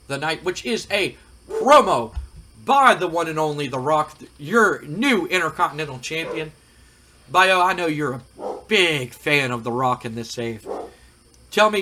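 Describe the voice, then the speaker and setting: A man's voice: a little high, animated, measured pace, pushed and bright, slight background noise. A man hosting a casual gaming commentary, chatty and rambling with frequent fillers. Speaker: host.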